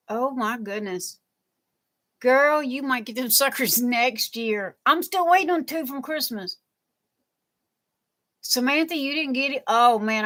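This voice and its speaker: A woman's voice: fairly high pitch, fairly bright tone. A woman hosting a live crafting stream from home, chatting playfully with viewers and laughing often. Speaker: livestream crafting host. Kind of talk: casual live chat reading viewer comments.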